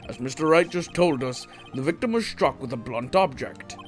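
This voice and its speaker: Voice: mid-range voice, lively intonation, moderate pace, soft background music, lightly acted. A player reading a stern courtroom judge. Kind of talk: reading game dialogue aloud.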